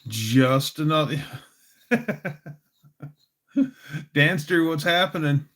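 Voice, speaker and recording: Slow-talking, goofy man hosting a livestream. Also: fairly high pitch, expressive, fairly bright tone. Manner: goofy and playful, does silly voices. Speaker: livestream host. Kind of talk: casual livestream chat.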